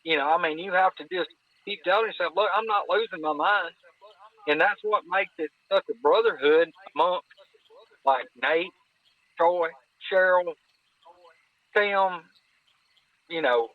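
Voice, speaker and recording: Southern man, podcast guest, folksy and sincere, higher-pitched, thin phone-line sound. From North Alabama. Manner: folksy, earnest, repeats words while searching. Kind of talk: casual chat.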